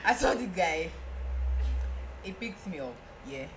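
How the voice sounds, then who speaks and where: A young woman with a Nigerian accent, a podcast guest telling a story in casual chat, animated and often laughing. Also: measured pace, heavy background noise. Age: young adult. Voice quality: laughing, animated, breaks into high squeals.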